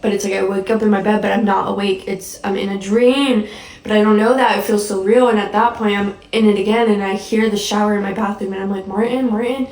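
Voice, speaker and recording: A woman's voice: mid-range voice, flat delivery, fast, darkish tone. A shaken woman who has just been crying, recounting a nightmare in a rambling way with many "likes". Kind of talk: casual spoken recounting. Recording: echoey room, mic at a distance.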